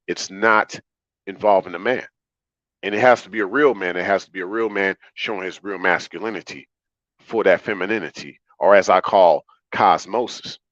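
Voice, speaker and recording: A man's voice: on the low side, a bit bright, no room sound, muffled recording. Emphatic man preaching on a livestream. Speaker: livestream host. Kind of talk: livestream monologue.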